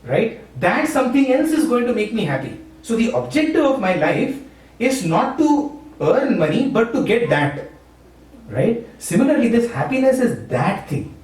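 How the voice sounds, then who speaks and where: A man's voice: very high voice, very animated, moderate pace, darkish tone. A man from Maharashtra, giving an informal spiritual talk. He speaks conversationally, often checks with "right?" and chuckles. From India, Maharashtra. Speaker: satsang speaker, university teacher. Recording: echoey room, far from the mic, faint hum.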